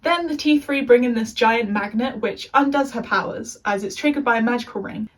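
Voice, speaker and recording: A woman's voice: fairly high pitch, distant mic, rough recording. A young English woman recapping a TV show in a casual, chatty rant with sarcastic asides. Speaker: video essayist.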